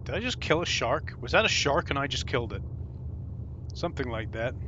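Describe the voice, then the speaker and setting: A man's voice: medium pitch, lively intonation, brisk, noisy background. A man giving casual, joking commentary while he plays a video game for the first time, swearing often. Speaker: gameplay commentator. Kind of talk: casual let's-play commentary. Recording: slightly dull lo-fi with faint game music.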